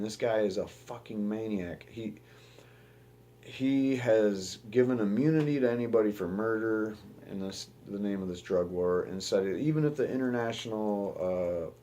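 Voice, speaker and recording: A man's voice: fairly low pitch, a little mellow. A young man from the United States giving rambling, profane news commentary as the host of his own show, often restarting his sentences.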